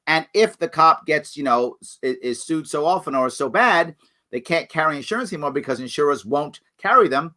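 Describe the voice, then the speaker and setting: On a live political Q&A broadcast, a man takes viewer comments and answers them with earnest animation, at times loud and emphatic, at times quietly apologetic. He speaks a little fast in a voice on the high side.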